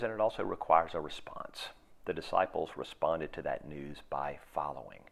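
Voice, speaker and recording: A man in his sixties preaching a sermon in a reflective, halting way, with pauses and restarts. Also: rumbling low, gravelly. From United States. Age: 60s. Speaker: pastor.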